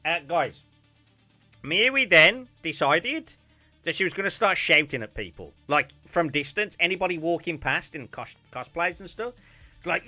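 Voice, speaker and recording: Animated man with a bright voice. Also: fairly high pitch, moderate pace, faint music behind. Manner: animated storytelling, bursts into loud laughing shouts. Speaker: streamer. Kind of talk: casual stream chat.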